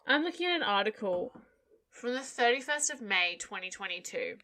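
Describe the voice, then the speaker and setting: A woman's voice: mid-range voice, sing-song, moderate pace, sharp tone. An Australian woman co-hosting a podcast, chatting casually with blunt, sweary exclamations. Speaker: podcast co-host.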